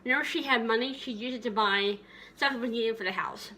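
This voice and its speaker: Bright-voiced woman fondly reminiscing. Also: fairly high pitch, a little fast, a little hiss or hum. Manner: tender, rambling, many fillers. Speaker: vlogger. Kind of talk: casual reminiscing vlog.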